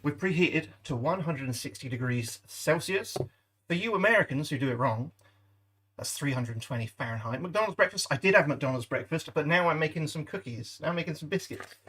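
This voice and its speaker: A man's voice: on the high side, expressive, brisk, fairly bright tone, breathy edge. A British man chatting casually to his livestream viewers from his home kitchen, swearing freely as he goes. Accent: British English. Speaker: livestream host. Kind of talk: casual cooking livestream chat.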